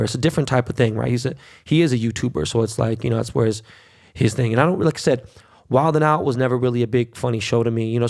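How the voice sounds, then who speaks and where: A man's voice: medium pitch, vocal fry, darkish tone. A middle-aged man hosting his own podcast, ranting brashly and cursing a lot. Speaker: podcast host. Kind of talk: solo podcast rant.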